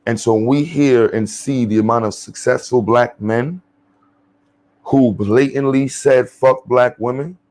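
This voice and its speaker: A man's voice: medium pitch, a little slow. Blunt, profane New man ranting. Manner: animated, blunt and profane, rambling with many fillers and restarts. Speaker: commentary channel host. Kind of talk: off-the-cuff social commentary.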